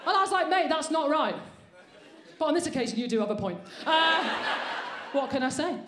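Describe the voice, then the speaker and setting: A woman's voice: high-pitched, lively intonation, fast, a crowd in the background, noisy background. A woman doing a brash, sweary, self-mocking stand-up set on a comedy club stage. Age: 40s. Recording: roomy live venue sound.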